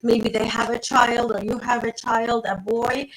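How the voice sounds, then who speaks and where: A woman's voice: a little high, level tone, a little slow, a little hiss or hum, rough recording. A woman giving a live tarot reading, talking to her viewers in a rambling, playful, casual way and swearing now and then. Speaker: tarot reader.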